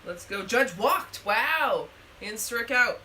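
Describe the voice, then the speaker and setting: A woman's voice: on the high side, expressive, takes it slowly, pushed and bright, a little hiss or hum. A woman co-hosting a live stream, chatting casually and giggling about the game. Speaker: stream co-host. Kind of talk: casual reaction chat.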